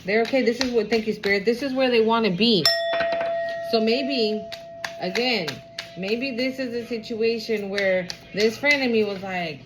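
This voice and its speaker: Animated, swearing woman reading tarot. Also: fairly high pitch, normal speed, over music. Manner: animated, expressive, swears freely, talks aloud to spirit. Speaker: tarot card reader. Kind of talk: casual tarot reading to camera.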